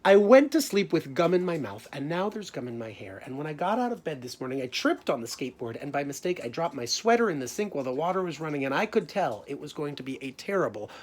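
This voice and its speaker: A man reading a picture book aloud, voicing a grumpy young boy in a loud, exasperated way. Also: fairly high pitch, big pitch swings, fast, few pauses. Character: grumpy young boy having a bad day.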